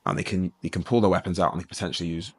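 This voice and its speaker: Middle-aged man, ex-police sergeant guest, rapid low-voiced storyteller. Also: creaky. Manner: lively anecdotal, acts out dialogue. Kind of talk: casual storytelling interview.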